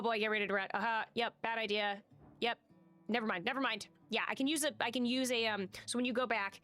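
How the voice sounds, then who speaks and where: A woman's voice: mid-range voice, fairly bright tone. A woman streaming a game live, chatting casually, swearing and reading the game's text aloud.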